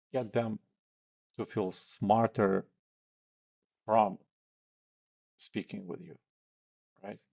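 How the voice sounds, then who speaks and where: With a lowish, darkish voice, this man gives blunt, casual coaching on sales calls, full of fillers and acted-out sample lines. The instructional talk comes through in lo-fi audio.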